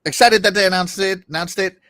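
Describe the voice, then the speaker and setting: A man hosting a casual gaming talk show, excitable and jokey, often trailing off quietly at the ends of sentences. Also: high voice, fast talker, dry recording, studio quality. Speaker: podcast host.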